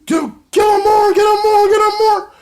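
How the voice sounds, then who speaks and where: Shrill drunken woman manager, yelling and very high, a man doing the voice. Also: fairly even intonation, moderate pace. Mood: shrieking. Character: tipsy shrieking woman wrestling manager.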